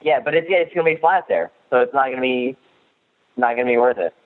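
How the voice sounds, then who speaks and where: A man's voice: medium pitch, animated, fast talker. A man phones into a podcast and speaks his mind bluntly, leaning hard on his opinions. His middle-range voice comes through a thin, tinny phone line. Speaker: caller. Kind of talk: casual call-in chat.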